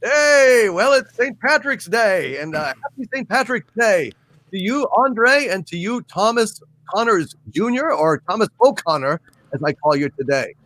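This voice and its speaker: A man hosting a casual livestream, reading super chats aloud and toasting his viewers in a halting way with many fillers. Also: high voice, lively intonation, a bit bright. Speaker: livestream host.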